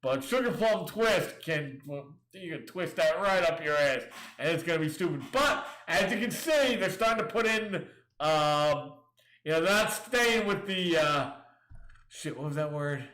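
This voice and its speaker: A fairly high-voiced man hosting a casual livestream, reading out listings and tearing into them with crude sarcasm. His voice carries a noticeable room echo, as if he is recording in a bare space. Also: animated, measured pace, fairly bright tone. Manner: reads listings aloud then riffs. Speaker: show host.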